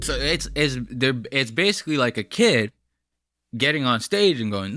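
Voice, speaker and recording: A man hosts a podcast in loose, profane commentary, blunt and mocking, tossing "bro" and "buddy" at the listener. His voice is bright and forward, and it sits at a middling pitch in a close, dry sound. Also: lively intonation, normal speed, no echo. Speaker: podcast host. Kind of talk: casual profane commentary on a clip.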